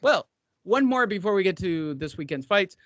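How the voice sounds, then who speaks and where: A man's voice: high voice, lively intonation, moderate pace, a bit bright, dry recording, highs cut off. A man hosting a casual boxing podcast, sarcastic and profane, stretching words for emphasis.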